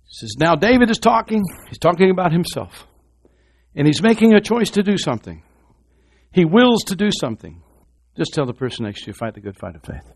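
Male pastor, high voice, emphatic sermon delivery that drops quiet then builds to shouting. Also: big pitch swings, fairly quick. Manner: swings from quiet, low talk to loud, shouted preaching; emphatic, repeats phrases for effect.

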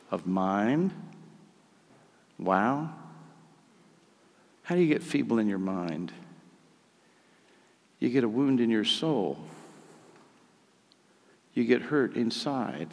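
A man's voice: mid-range voice, creaky. A man preaching a sermon, reading scripture dramatically and then explaining it. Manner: dramatic reading, rising to loud cries on key lines. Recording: long hall reverb.

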